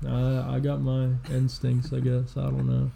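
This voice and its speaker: A man in his twenties co-hosting a podcast, telling a long story in casual, profane chat with plenty of fillers, at low energy. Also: completely flat delivery, measured pace, creaky, dark tone, a little hiss or hum. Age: 20s. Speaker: podcast co-host.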